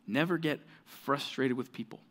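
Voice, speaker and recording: A man's voice: mid-range voice, moderate pace. A man preaching a sermon as pastor, conversational and earnest, with frequent fillers like "right" and "like".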